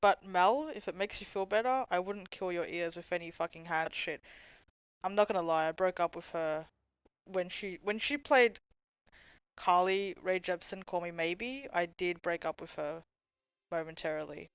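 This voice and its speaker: A young woman livestreamer with a low, smooth voice that gets mistaken for a man's. She chats with her viewers casually and sarcastically, swearing freely and laughing often. The sound is dry and close. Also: normal speed, no echo, poor audio. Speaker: livestream host. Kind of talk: casual chat reading stream comments.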